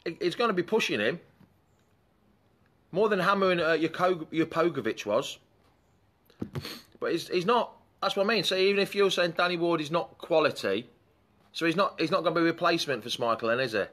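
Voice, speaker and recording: A man's voice: fairly high pitch, a little fast, pauses often, fairly bright tone. A man hosting a live fan chat show in a chatty, rambling way, breaking off to greet commenters.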